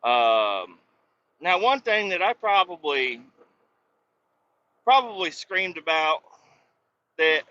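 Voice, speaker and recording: A man's voice: high-pitched, very animated, takes it slowly, long pauses, pushed and bright, muffled recording. A man hosting his own podcast, rambling casually and profanely from inside a work truck, often breaking off mid-thought. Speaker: podcast host.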